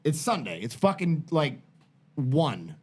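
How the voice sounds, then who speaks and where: A middle-aged man telling a long, profane, rambling story in casual podcast chat, animated and full of tangents. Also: a little high, slow, husky. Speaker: podcast host.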